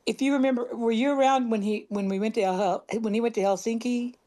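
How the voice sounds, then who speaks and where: A woman's voice: a little high, steady tone, quick pace, warm tone. A woman with a Southern US accent calling in to a live chat, chatty and apologetic, prone to giggles. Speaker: caller. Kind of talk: casual call-in chat.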